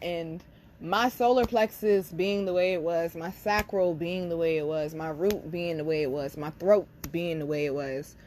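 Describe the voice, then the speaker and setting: A young woman hosting her own channel, telling a personal story to camera in a blunt, candid way, swearing freely and talking straight to her listeners. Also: medium pitch. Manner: blunt, profane, speaks directly to listeners as y'all. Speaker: spiritual reader and channel host.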